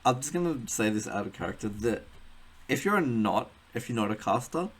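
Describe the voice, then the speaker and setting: A man's voice: medium pitch, expressive, moderate pace. A man narrating a tabletop game as game master, rambling with lots of fillers and a giggly manner.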